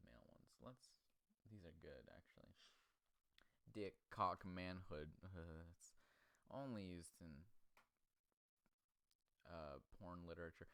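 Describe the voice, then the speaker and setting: Male comedy host, low pitch, dry sound; crude, rambling, quick to laugh. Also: a bit bright, clean tone, dry recording. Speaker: podcast host. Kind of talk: casual comedic chat.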